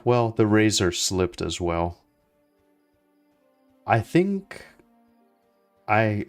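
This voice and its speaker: A young man chatting casually as he plays, relaxed and rambling with lots of fillers and restarts. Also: low voice. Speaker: gaming streamer. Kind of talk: casual gameplay commentary.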